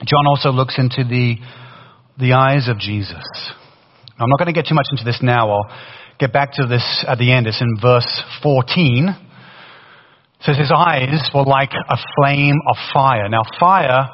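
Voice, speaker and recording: Male pastor with a faded British accent, mid-pitched, conversational and excitable sermon delivery, muffled recording with long room reverb. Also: moderate pace, long pauses. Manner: animated, conversational preaching with frequent restarts. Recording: dull sound in a long-reverb hall.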